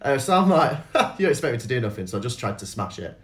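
A man telling stories in a casual chat, animated, swearing freely and acting out other people's voices. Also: mid-range voice, quick pace.

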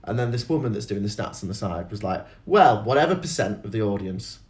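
A man telling stories in a casual chat, animated, swearing freely and acting out other people's voices. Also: lowish voice, a little fast.

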